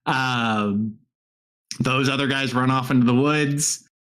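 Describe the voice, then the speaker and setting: A man's voice: medium pitch, slow pace, clear, resonant tone. Laughing male game master. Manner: relaxed, laughs often while narrating. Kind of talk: narrating a tabletop game.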